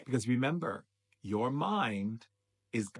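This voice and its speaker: A man's voice: medium pitch, lively intonation, slow, breathy edge. A man as a spiritual teacher giving an emphatic, repetitive motivational talk.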